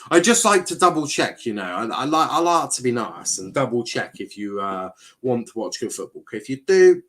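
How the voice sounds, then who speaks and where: A young man with a medium-pitched, somewhat bright voice hosts a live football watchalong. Chatting casually and reading viewer comments, he rambles, fumbles his words and swears now and then.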